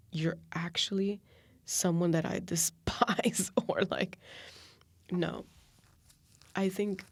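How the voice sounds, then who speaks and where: A woman in her late twenties hosting a reflective solo podcast, talking softly and confessionally and often sinking into a whisper. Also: on the low side, no echo. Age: 20s. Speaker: podcast host.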